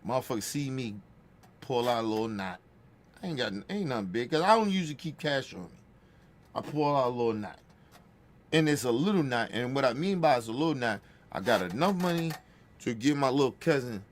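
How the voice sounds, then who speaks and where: A man's voice: medium pitch, lively intonation, brisk, a little hiss or hum. A man telling a casual, profane family story, checking in with the listener by often asking "right?". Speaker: podcast host.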